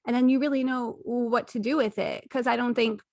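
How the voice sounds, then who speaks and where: A woman hosts a podcast interview with a fairly high voice in a dry, close sound. She affirms what her guest says and reflects aloud, thinking her way through each point. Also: steady tone, brisk, darkish tone, no room sound. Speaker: podcast host. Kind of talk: casual interview conversation.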